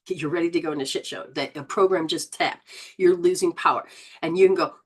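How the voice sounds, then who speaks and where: Woman host, low-pitched, animated, rambling spiritual coach style. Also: fairly quick, slightly rough. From Southern Hemisphere. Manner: animated, exclaims and laughs often. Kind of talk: live-stream chat reading viewer comments.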